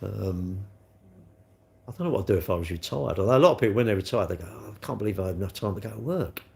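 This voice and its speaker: A man's voice: on the low side, animated, fast, gravelly, darkish tone. A middle-aged man rambling cheekily on a live stream, answering chat comments as he goes. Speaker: livestream host.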